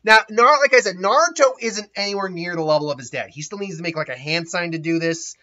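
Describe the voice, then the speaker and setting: A man's voice: sits high, fast, sharp tone. A man casually retelling a story, rambling, laughing often and restarting his sentences. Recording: dull lo-fi recording.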